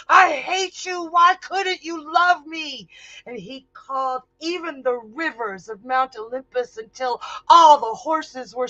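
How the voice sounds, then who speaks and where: A storyteller and psychic host recounts a myth dramatically, her emotion building toward intensity. Her voice is fairly high and fairly bright, and the recording is dull and lo-fi with no room sound.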